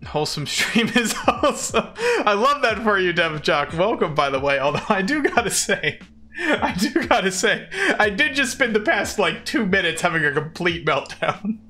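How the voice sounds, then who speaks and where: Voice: mid-range voice, sing-song, moderate pace, bright, forceful tone, soft background music. A young adult streamer chatting casually through a live game, rambling, joking at their own expense and laughing often, with mock-dramatic outbursts. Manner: rambling, jokey and self-mocking, laughs often.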